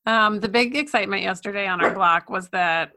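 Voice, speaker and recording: A woman's voice: mid-range voice, fairly quick, pushed and bright, a little hiss or hum. A woman co-hosting a podcast in casual chat, with a dry, understated humor. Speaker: podcast co-host.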